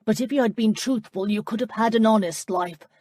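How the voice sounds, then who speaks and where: A woman's voice: fairly high pitch, a little fast, a little mellow, no echo, clean studio sound, pitched above the performer's own voice, close to an everyday voice. A woman reading the lines of an earnest young male reverend who speaks firmly. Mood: reproachful.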